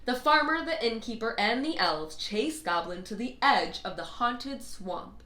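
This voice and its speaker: A woman reading a children's bedtime storybook aloud in an expressive, lilting way. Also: fairly high pitch, a little slow. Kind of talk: read-aloud storybook narration. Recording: echoey room.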